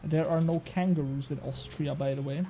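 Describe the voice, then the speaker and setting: A man's voice: fairly high pitch, steady tone, moderate pace, warm tone, slight background noise. A young man streaming a game, chatting casually and bantering with his chat, swearing now and then.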